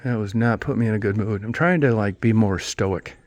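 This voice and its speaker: A middle-aged man with a fairly low voice rambles through a casual vlog. He swears freely and mocks himself with a dry, wry edge, drifting between grumbling and musing. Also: brisk, a little mellow. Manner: profane, wry, self-mocking rant. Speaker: vlogger.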